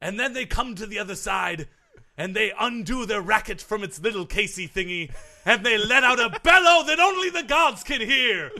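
A man's voice: high-pitched, animated, normal speed, gravelly, bright, forceful tone, full character voice. A man playing a smug, eccentric male tennis grunt coach in an improvised comedy sketch, talking in a pompous, theatrical way. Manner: pompous, theatrical, over-the-top. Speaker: comedy podcast sketch performer.

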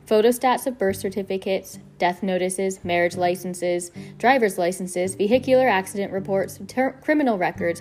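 Brief: woman narrator reading a chapter book aloud, steady pace, faint music under. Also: mid-range voice. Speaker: reader. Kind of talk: reading a children's novel aloud.

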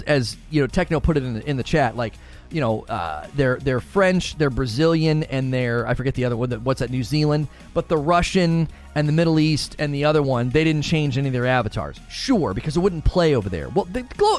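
A man streaming and giving a casual, argumentative rant, repeating and restarting his words as he pushes his point. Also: fairly high pitch.

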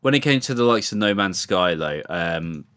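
A young British man chatting casually as podcast co-host, animated and mocking. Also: deep voice, normal speed, smooth, no echo, studio quality. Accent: British English. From Britain. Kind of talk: casual chat.

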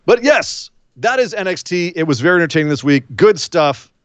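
A man's voice: a little high, expressive, brisk, no room sound. A man co-hosting a casual wrestling podcast, joking and rambling as he recaps the week's shows. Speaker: podcast co-host.

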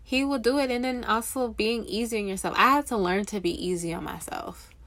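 A woman's voice: fairly high pitch, fairly quick, fairly bright tone. A young woman giving casual, earnest faith encouragement, rambling a little and correcting herself as she goes. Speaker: Christian encourager speaking to waiting spouses.

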